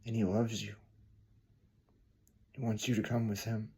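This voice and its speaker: Man playing a calm soldier, reassuring, low, mellow, sermon story. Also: unhurried, gravelly, husky, full character voice. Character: kind, steady male soldier.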